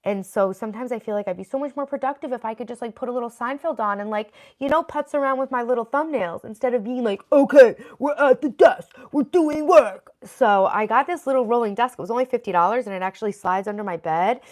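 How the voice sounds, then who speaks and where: A woman in her thirties streams live from her home office, chatting casually and earnestly with viewers, reading chat and thanking people by name. Her voice is fairly high, and she talks fast with hardly any pauses, picked up by her desk computer's microphone.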